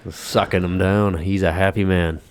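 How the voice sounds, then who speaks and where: A man's voice: low-pitched, steady tone, moderate pace, dry recording. A man co-hosting a podcast in casual chat, cursing freely and talking at length. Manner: profane, talks at length. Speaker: podcast co-host.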